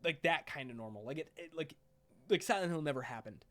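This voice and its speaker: A man's voice: on the high side, expressive, a little fast, fairly bright tone, no room sound. A man casually recapping a movie plot, rambling with lots of "like" and "um". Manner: rambling, fillers like "like" and "um". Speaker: movie reviewer.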